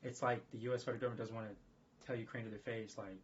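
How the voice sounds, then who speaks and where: A man talking casually on a livestream in a rambling, profane, excitable way. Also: medium pitch, rapid-fire, a little hiss or hum. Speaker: streamer. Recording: dull lo-fi stream audio.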